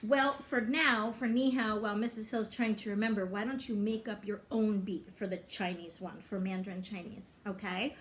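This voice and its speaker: A woman music teacher talking brightly and encouragingly to young children, now and then singing a short greeting song. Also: mid-range voice, steady tone, moderate pace, few pauses.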